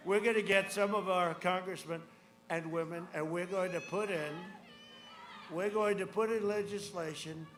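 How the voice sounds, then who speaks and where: A man in his seventies giving a rambling campaign rally speech, swinging between shouted lines and muttered asides. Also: sits high, fairly even intonation, moderate pace. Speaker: political speaker at a rally. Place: large outdoor rally. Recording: echoey outdoor rally with crowd noise.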